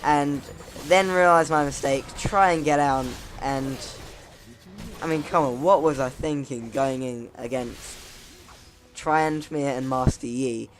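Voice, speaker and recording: A man's voice: mid-range voice, fairly even intonation, takes it slowly. A man casually commenting over his gameplay, rambling, laughing at himself, his voice cracking now and then. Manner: rambling, chuckling, self-mocking.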